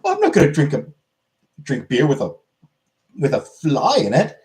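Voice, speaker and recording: A man's voice: on the high side, wildly swooping pitch, normal speed, darkish tone, voice pushed up. A man voicing a prissy, fussy Englishman who complains about his drink in a pub joke.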